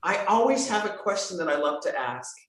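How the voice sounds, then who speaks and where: A woman voice coach in conversation on a podcast, emphatic and animated, swinging between bright exclamations and soft earnest asides. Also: mid-range voice, brisk. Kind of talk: enthusiastic conversational podcast talk. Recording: very echoey room.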